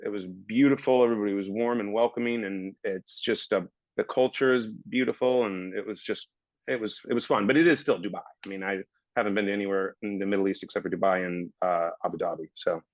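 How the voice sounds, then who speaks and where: A man's voice: lowish voice, steady tone, fast, no room sound, highs cut off. A man in his thirties, a guest actor on a casual podcast, telling rambling stories and acting out his own past remarks.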